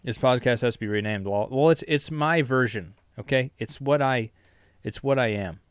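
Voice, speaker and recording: Recorded with studio quality and no room sound, a man hosts his own podcast alone in his basement. He rambles, teases himself, and swears liberally, using a smooth, medium-pitched voice at normal speed; he's also a YouTuber.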